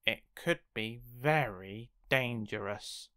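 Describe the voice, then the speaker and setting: A woman reading a children's picture book aloud in a theatrical way, swinging between hushed pleading and frightened yelps. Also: very deep voice, slow pace, very noisy. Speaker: storybook reader.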